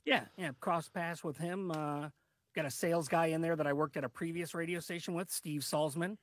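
A man's voice: fairly high pitch, fairly even intonation, moderate pace, dry recording. A man chatting as a guest on a radio show, easygoing and a little rambling, with hesitations. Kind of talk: casual radio chat.

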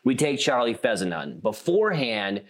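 A young man from South Dakota co-hosting a comedy podcast, rambling in a relaxed way and laughing often. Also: mid-range voice, moderate pace. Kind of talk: casual comedic chat.

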